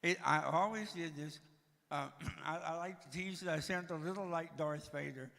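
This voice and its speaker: A man's voice: a little high, moderate pace, gravelly, bright, forceful tone. A man, breathing heavily as he tells humorous, self-deprecating stories from his life to a church. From Tennessee, USA. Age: 60s. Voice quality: heavy, audible breathing. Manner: self-deprecating, joking storyteller. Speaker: guest speaker. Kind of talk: humorous personal testimony. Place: church sanctuary. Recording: reverberant church hall.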